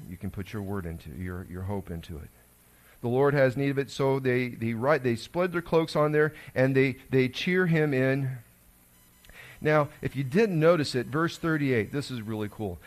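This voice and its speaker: A man, a pastor giving a conversational sermon that swings between loud emphasis and hushed asides. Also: medium pitch, expressive, moderate pace.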